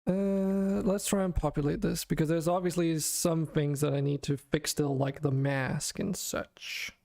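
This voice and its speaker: An exhausted man streaming game development, thinking aloud in a monotone, muttering to himself as he works through problems. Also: a little high, a little slow, gravelly. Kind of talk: thinking aloud while coding.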